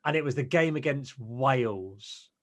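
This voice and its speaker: A man in his thirties, a podcast guest, telling stories in an animated, ranting way. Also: medium pitch, measured pace. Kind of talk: casual chat.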